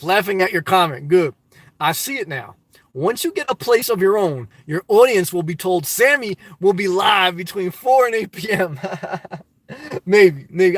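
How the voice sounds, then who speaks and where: Man, middle-aged, from the US Northeast, casual live-stream chat, upbeat and preachy, fairly high voice, dry close mic. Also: fairly bright tone, no room sound. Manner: upbeat, preachy, talks straight to viewers.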